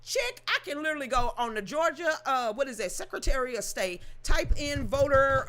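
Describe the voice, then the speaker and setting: Sassy woman with a lively voice. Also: high voice, normal speed, hardly any pauses. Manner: sassy, emphatic, scolding. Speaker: political commentary host. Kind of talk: reading news aloud with commentary.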